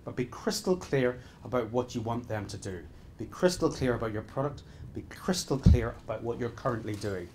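A man's voice: mid-range voice, a little mellow. Brief: male business trainer, middle-aged, mid-range voice, punchy repetitive delivery, faint background hiss. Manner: emphatic, repetitive exhortations with frequent restarts. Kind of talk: live seminar talk.

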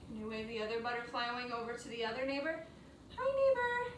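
A woman's voice: on the high side, steady tone, racing, a bit bright, slight background noise. A woman teaching a yoga class for young children in a sing-song, encouraging, playful way. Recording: echoey room, mic at a distance.

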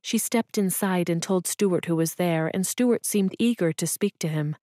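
A woman narrating an audiobook in a calm, even storytelling manner. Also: fairly low pitch, normal speed, no echo, studio quality. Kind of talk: scripted narration.

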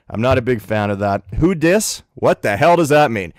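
A man grumbles through a comic rant, sounding fed up and chuckling between gripes. His voice sits at a middling pitch, and it is recorded close and dry with no room sound. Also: animated, moderate pace, dry recording. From Canada. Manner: exasperated, chuckles between complaints. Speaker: musician and regular ranter. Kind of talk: comedic rant.

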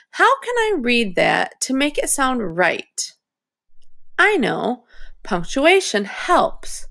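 A woman's voice: on the high side, gravelly, fairly bright tone. A woman teaching young readers, thinking aloud as she models reading a story in phrases. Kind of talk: reading lesson for children.

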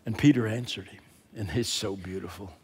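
A man's voice: on the low side, brisk, breathy edge. Impassioned older man preaching in a hall. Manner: rises from quiet emphasis to loud, impassioned preaching. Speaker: guest preacher. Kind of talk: sermon. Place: large church sanctuary. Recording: long reverb of a large hall.

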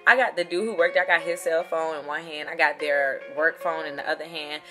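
A young woman, telling a story to camera in a casual vlog, animated and profane, swinging between loud outrage and muttered asides. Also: low voice, brisk, music in the background. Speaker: vlogger.

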